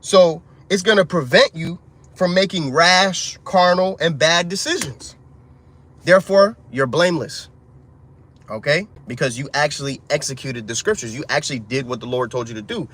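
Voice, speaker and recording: A man preaches in a loose, conversational street style, calling his listeners "man" and dropping curses into his asides. His voice sits a little high for a man. When he quotes scripture, his delivery turns slow and deliberate. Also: fairly bright tone, slight background noise. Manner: reads scripture slowly and deliberately. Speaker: religious teacher. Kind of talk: informal spiritual teaching.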